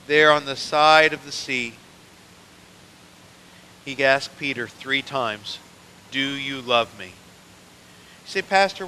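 A man's voice: a little high, sharp tone, slight background noise. A man preaching a sermon as pastor, talking straight to the congregation and building in intensity. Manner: preaching with rising intensity, addressing the church. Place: church sanctuary. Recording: church hall with long reverb.

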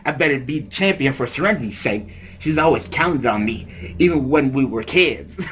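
A man's voice: mid-range voice, brisk, bright, forceful tone, close to an everyday voice. Man doing a brash teen boy duelist, loyal, laughing through lines, faint background hiss. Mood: earnest. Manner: laughing through lines, failed Brooklyn attempt.

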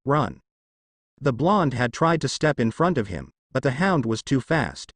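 A man narrating a fan fiction story in an expressive storytelling manner. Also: mid-range voice, slightly rough, dry recording. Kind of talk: reading fan fiction aloud.

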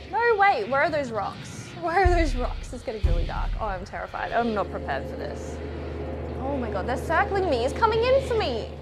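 A young woman streaming a game, commenting live in an excitable, exclaiming way with frequent laughter. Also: high-pitched. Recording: game sounds loud in the background.

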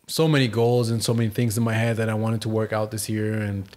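Low-voiced man with a German accent. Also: level tone, fast talker, darkish tone. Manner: easygoing, hesitant with many ums and restarts. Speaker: guest, professional soccer player. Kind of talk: casual podcast interview.

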